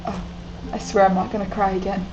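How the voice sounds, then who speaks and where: A woman's voice: mid-range voice, level tone, fast, dull audio. Young woman streamer, giggly chatty commentary, faint game music underneath. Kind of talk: casual gameplay commentary.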